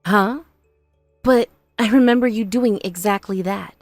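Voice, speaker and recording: A woman voicing a calm, patient bride. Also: mid-range voice, unhurried, no room sound, soft background music, lightly acted. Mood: earnest. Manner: calm, reasoning, earnest. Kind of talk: animated story voice-over.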